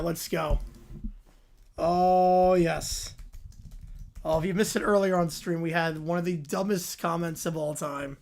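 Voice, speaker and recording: A man hosting a sports livestream, reacting casually in a relaxed, offhand way. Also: on the high side, a little slow, gravelly. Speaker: livestream host.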